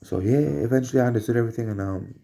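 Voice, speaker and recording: A man at home telling rambling personal anecdotes, halting and repeating phrases as he searches for words. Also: mid-range voice, warm tone. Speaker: storyteller.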